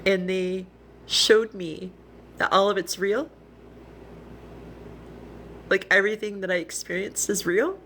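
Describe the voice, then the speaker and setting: A woman livestreams from her phone, speaking earnestly and emotionally, rambling with restarts and close to tears. Her mid-range voice is slow and a bit bright, with long pauses and slight background noise.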